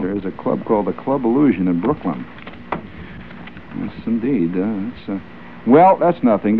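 A man's voice: fairly low pitch, slight background noise. Man, radio host, wry joking patter, tinny old broadcast sound. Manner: wry, joking, chuckling asides. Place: radio studio.

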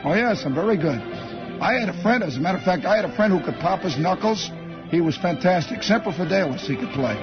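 A man's voice: high voice, lively intonation, fast, over music. A man telling a rambling comic story on the radio, wry and meandering, with chuckling asides. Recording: dull lo-fi radio broadcast.

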